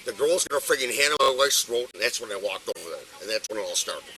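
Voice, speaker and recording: An older resident, detained on a street, argues with police in a body-camera clip, agitated, insistent and cursing. His voice is on the low side, fast and sharp with lively intonation, over slight background noise and poor audio quality.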